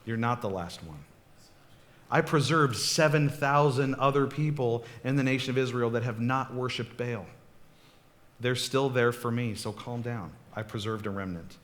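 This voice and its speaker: A man preaching, voicing God in a calm, soothing, reassuring way. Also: moderate pace, natural voice. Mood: calm reassurance. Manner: soothing, low and quiet.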